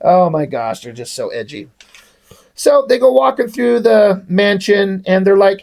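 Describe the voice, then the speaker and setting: A man's voice: high voice, animated, a little slow, vocal fry, a little mellow. Sarcastic, cursing man reviewing comics. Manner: sarcastic, profane, rambling. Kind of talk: casual comic book review.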